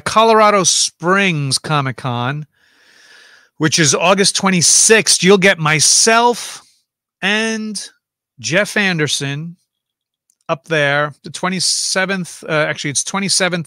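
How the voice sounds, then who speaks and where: A man's voice: fairly high pitch, takes it slowly, pushed and bright, clear, resonant tone, no echo, studio quality. A man hosting a casual livestream from home, chatting and rambling as he reads out viewer comments and answers them.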